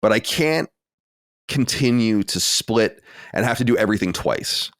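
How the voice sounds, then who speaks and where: A man in his late thirties, a podcast co-host, telling an animated story with exasperated asides in casual chat. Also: mid-range voice, unhurried, no room sound, clean studio sound. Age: 30s.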